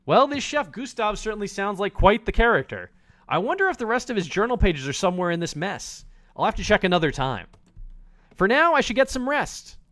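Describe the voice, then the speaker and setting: A gaming streamer with a high voice talks a little fast while reading a video game aloud, joking around and swearing often in an animated way. There's no room sound.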